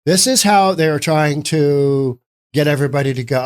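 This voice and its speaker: Brief: male commentator, slightly higher voice, sarcastic, rambling delivery. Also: normal speed, clean tone. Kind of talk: casual political commentary.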